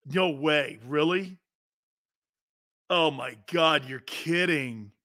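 A middle-aged man hosting a sports talk show, talking loudly and excitably, rambling with many restarts. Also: fairly high pitch, extremely slow, no echo, studio quality. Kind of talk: casual radio talk show chat.

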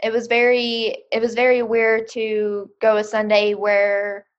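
A woman with a Southern accent, a podcast guest, talking in a relaxed way about growing up. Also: on the high side, unhurried, dull audio. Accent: Southern American. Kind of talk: casual conversation.

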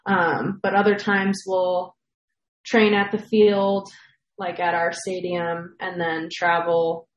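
A young woman, an athlete, chatting casually in an interview, with lots of fillers and easy laughter. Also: lowish voice. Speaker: athlete guest. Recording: echoey room.

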